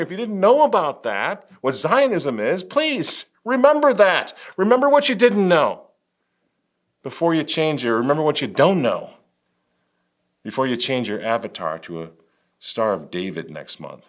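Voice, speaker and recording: A man hosting a religious political commentary, talking emphatically with biting sarcasm and wry laughs. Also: fairly high pitch. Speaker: host.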